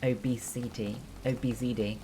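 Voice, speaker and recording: A young woman with a rumbling low, warm voice talks at a moderate pace with fairly even intonation; there's slight background noise. As a streamer and nursing student chatting during a game, she explains the steps one by one, full of fillers and casual asides.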